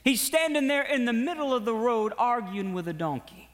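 A male preacher delivers an animated sermon in a high voice, mixing storytelling with urgent exhortation. A long reverb from a large hall hangs behind every line. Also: moderate pace. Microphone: broadcast to online viewers.

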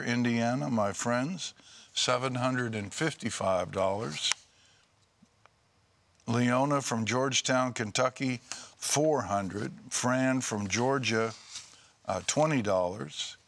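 A man co-hosting a religious telethon, reading donor names and gift amounts aloud in a measured way, with small hesitations and self-corrections. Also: medium pitch, gravelly, fairly bright tone, slight background noise. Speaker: telethon co-host.

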